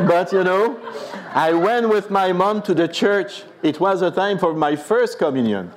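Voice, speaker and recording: Slow-talking man. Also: high-pitched, noisy background. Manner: animated, repeats "you know". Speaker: priest. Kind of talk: personal storytelling.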